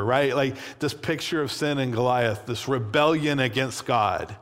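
A man preaching a sermon in a relaxed, conversational way, with plenty of casual fillers. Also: mid-range voice, a little slow. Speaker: pastor. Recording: long hall reverb.

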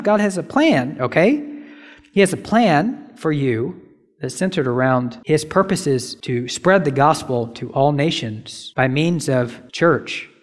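A young man preaching a casual, emphatic sermon, full of rhetorical questions and asides. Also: fairly high pitch. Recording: long reverb of a hall.

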